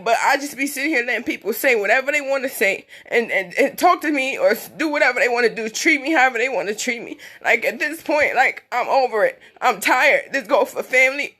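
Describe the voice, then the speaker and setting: Young woman venting on a phone live, tearful, bright sharp voice, keeps repeating herself. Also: sits high. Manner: blunt, emphatic, repetitive, speaking through tears. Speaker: mother speaking on a livestream. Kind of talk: emotional personal livestream monologue.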